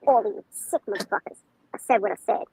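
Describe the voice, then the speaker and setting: A woman's voice: medium pitch, fairly quick, creaky, a little mellow, husky, dry recording, rough recording. A woman, ranting angrily and profanely on a livestream. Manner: profane, heated, confrontational. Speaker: livestream commentator. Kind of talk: angry livestream rant.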